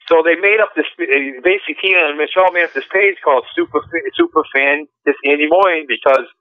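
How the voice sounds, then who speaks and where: A man's voice: a little high, dry recording. A man telling a long, rambling story with lots of fillers and restarts, calling in to a podcast. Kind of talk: casual storytelling. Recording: phone line.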